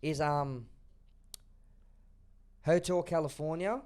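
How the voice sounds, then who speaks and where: A man's voice: on the high side, steady tone, takes it slowly, darkish tone, clear, resonant tone. A man chatting casually on a podcast, laid-back, saying "bro" often. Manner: laughing, says "bro" a lot. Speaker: podcast co-host. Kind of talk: casual chat.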